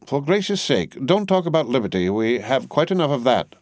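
A man reading an audiobook voices a brusque, fiercely patriotic middle-aged Englishwoman who is fussy, emphatic, and indignant. He pitches it above his own voice but close to an everyday tone, speaking mid-range, very animated, a little fast, with no echo.

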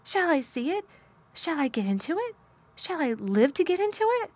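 A frail, sickly young boy from a storybook, quick to excitement and eager outbursts, as a woman reads him aloud. His voice lifts a little above an ordinary reading voice. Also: mid-range voice, creaky.

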